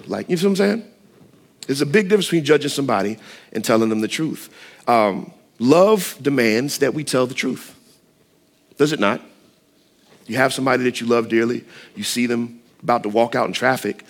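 A man preaching a casual, conversational sermon, often checking in with the listeners and adding light self-deprecating humor. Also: fairly high pitch. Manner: conversational, lively, asks the room often. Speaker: pastor.

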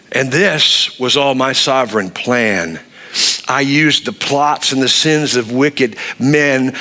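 A man preaching a sermon, animated, acting out the people he quotes. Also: mid-range voice. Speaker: pastor.

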